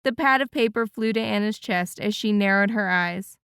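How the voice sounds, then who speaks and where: A woman narrating an audiobook in an even, measured reading style. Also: medium pitch, clear, resonant tone, dry recording, studio quality. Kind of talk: scripted narration.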